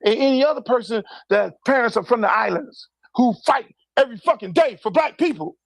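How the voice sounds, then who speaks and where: A man's voice: very high voice, expressive, brisk, vocal fry, no echo. A man in a played clip delivering a heated, profane political rant full of rhetorical questions.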